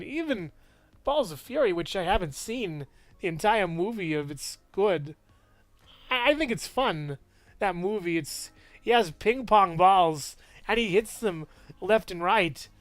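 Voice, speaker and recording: A man's voice: high voice, fairly bright tone, no room sound. A man giving a casual, rambling movie review with lots of enthusiasm and frequent laughs.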